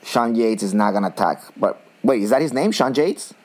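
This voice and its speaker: A man hosting a casual cycling talk, chatty and self-mocking, with many restarts and pauses. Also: medium pitch, animated, a little mellow. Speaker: cycling podcast host. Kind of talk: casual chat.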